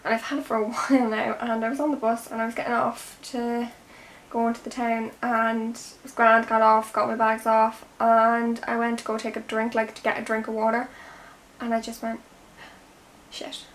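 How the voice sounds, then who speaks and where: Chatty Irish woman with a gravelly edge. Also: on the high side, completely flat delivery, moderate pace, slight background noise. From Ireland. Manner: rambling, chatty, drifts into soft half-whispers. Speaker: beauty vlogger. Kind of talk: chatty get-ready-with-me vlog. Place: home room.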